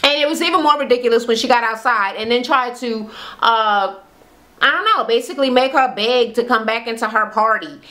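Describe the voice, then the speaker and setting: A woman with a fairly high voice rattles through a reality TV recap in casual, slangy talk. She is blunt, opinionated and swears freely, as if chatting with friends. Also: fairly quick. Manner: animated retelling, acts out quotes; slangy, conversational.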